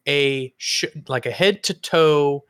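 A man with a fairly high voice, recorded close and dry with no room sound. He co-hosts a casual podcast, telling stories with energy and dropping the occasional swear word. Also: slow, smooth, no room sound. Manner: animated, swearing storyteller. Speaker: podcast co-host.

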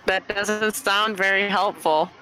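A woman player with a bright voice, speaking slowly with wry remarks and a lively tone. Faint music plays behind. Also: mid-range voice, low-quality recording.

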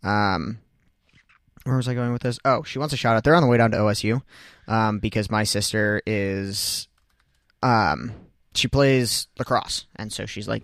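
Gravelly, bright-voiced young man joking. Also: lowish voice, moderate pace, no echo, studio quality. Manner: joking, laughs often, playful outbursts. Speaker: radio show co-host. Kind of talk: casual chat. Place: radio studio.

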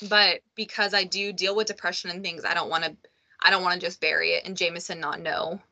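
A woman's voice: on the low side, little pitch movement, a little fast, creaky, pushed and bright. A woman hosting a podcast in a supportive, conversational interview, earnest and full of casual fillers. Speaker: podcast host.

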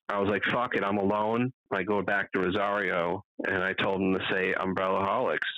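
A man's voice: low voice, bright, forceful tone, no room sound, lo-fi sound. A man co-hosting a podcast from home, telling rambling, profane stories in a casual chat. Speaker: podcast co-host.

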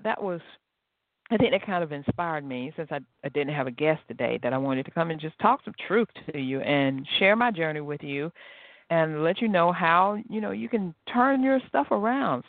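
A woman hosting her own podcast, telling stories in a chatty, animated, encouraging way. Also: fairly low pitch, no echo. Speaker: podcast host. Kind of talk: casual motivational solo podcast. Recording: tinny phone-like dry sound.

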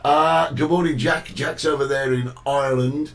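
Bloke hosting a chatty talk show, reads out hellos from viewers, mid pitch. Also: male voice, fairly even intonation, moderate pace, a bit bright, far from the mic, poor audio. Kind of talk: casual chat.

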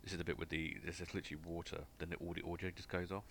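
A very deep, gravelly man chatting about horror films with friends. He talks in a wry, blunt, teasing way, with a faint hiss of noise under his voice. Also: little pitch movement, racing, fairly bright tone. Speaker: podcast co-host. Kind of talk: casual film review chat.

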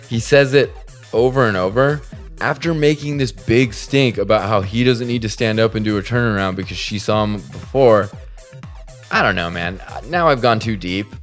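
A man hosting a podcast, telling a story in a profane, exasperated comic ramble. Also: on the low side. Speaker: podcast host. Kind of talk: rambling comedic monologue.

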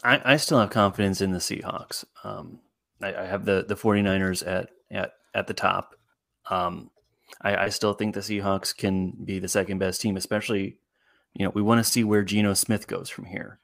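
A man's voice: deep voice, fairly even intonation, normal speed, gravelly, a bit bright, no echo, clean studio sound. A man on a casual sports talk panel, speaking hesitantly with repeated words and many ums. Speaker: co-host panelist.

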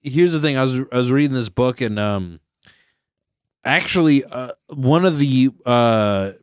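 A man's voice: medium pitch, expressive, unhurried, clear, resonant tone, dry recording, studio quality. A man from California co-hosting a podcast, chatting casually with many fillers, asides and swearing. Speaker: podcast co-host. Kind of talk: casual chat.

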